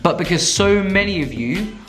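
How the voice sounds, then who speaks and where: A man's voice: high-pitched, animated, moderate pace, a bit bright, soft background music. A young man from the UK chatting enthusiastically to camera about his food, casual and self-mocking. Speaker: vegan food vlogger.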